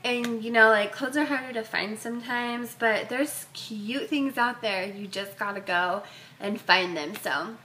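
Chatty, bright-voiced woman vlogger. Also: fairly high pitch, unhurried. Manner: chatty, rambling, heavy on "like" and "um". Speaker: fashion vlogger. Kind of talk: casual haul vlog.

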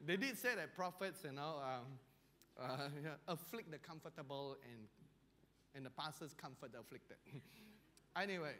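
Guy preaching, cracks jokes n chuckles, real bright sharp voice. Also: on the high side, expressive, normal speed. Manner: humorous, chuckling storyteller. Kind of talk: sermon.

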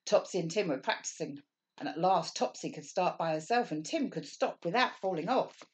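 A woman's voice: fairly low pitch, normal speed. Woman reading a picture book aloud. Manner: warm, expressive, asks listeners questions. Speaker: teacher reading a story.

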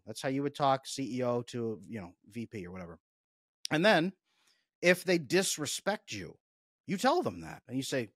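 A man's voice: medium pitch, sing-song, normal speed, fairly bright tone, husky, dry recording, clean studio sound. A man coaching in a podcast discussion, explaining step by step in an emphatic, instructive way. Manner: emphatic, instructive, role-plays dialogue. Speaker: attachment coach.

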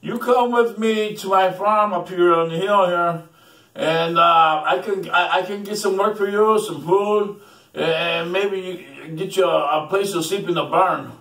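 A generous, good-natured farmer, as a man telling a joke plays him, makes easygoing folksy offers in a fairly high voice. The recording sounds roomy, with the mic set back from him. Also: steady tone, unhurried, a bit bright, recorded from a distance. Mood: friendly. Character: kindly male farmer, welcoming and generous.

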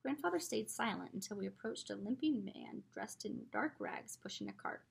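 A woman's voice: mid-range voice, normal speed, vocal fry, husky. A woman reading a novel aloud as a teacher, telling it expressively. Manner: expressive storytelling.

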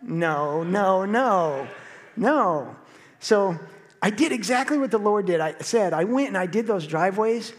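A middle-aged man preaching in a church sanctuary, his voice sitting high for a man. He tells a story in a lively, animated way, acting out the quotes. A long reverb trails after every phrase. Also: brisk. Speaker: pastor. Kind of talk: sermon.

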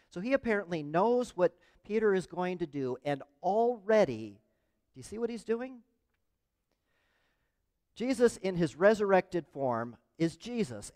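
A man preaching a conversational sermon as pastor, often asking the congregation questions. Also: fairly high pitch. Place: church sanctuary. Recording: long reverb of a church hall.

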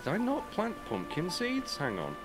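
A man hosting a gaming livestream, chatting casually with viewers, greeting them by name and breaking into excited yelps. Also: sits high, normal speed, over music. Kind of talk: casual livestream chat while playing.

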